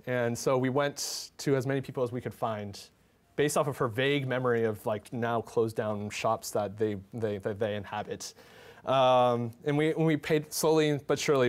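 A young man presenting his photographs in a talk, speaking in a halting, heartfelt way with many restarts and fillers. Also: mid-range voice. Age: young adult.

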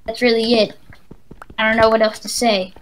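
A woman's voice: on the high side, monotone, fairly quick, a little hiss or hum, low-quality recording. A woman casually chatting and joking while playing a game with a friend, rambling on. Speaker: let's play co-host. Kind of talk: casual gaming chat.

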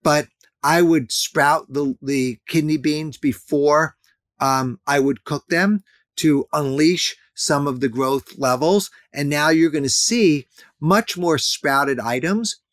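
A man's voice: a little high, takes it slowly, fairly bright tone, no echo, studio quality. A man in his fifties, a guest in an interview, talking earnestly and emphatically, repeating his key points. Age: 50s. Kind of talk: interview conversation.

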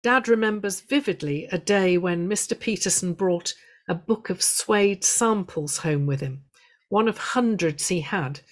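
A woman giving a prepared illustrated talk to a local history society, telling stories in a measured way with gentle humour. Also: fairly low pitch.

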